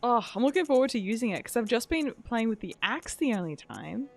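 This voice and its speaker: Lively, chatty woman streamer. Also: a little high, a little fast, soft background music. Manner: chatty, laughs often, greets followers. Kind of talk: casual gameplay commentary.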